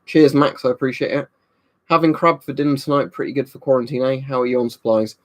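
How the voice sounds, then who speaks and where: A man's voice: mid-range voice, steady tone, fast. A young man hosting a casual live stream from home, reading viewer comments in a rambling, chatty way, slightly tipsy from a drink. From United Kingdom. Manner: rambling and chatty, with frequent "um" and "you know". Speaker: livestream host. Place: room at home.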